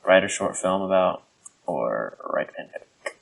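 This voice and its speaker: A man co-hosting a podcast in casual, rambling chat, joking and filling pauses with "like" and "um". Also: deep voice, expressive, vocal fry, rough recording. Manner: rambling, jokey, many fillers. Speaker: podcast co-host.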